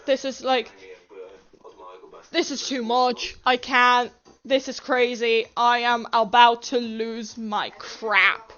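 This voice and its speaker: A woman's voice: a little high, little pitch movement, slow pace, a bit bright, highs cut off. A young woman streaming a game live, panicky and yelping, repeating herself as she reacts.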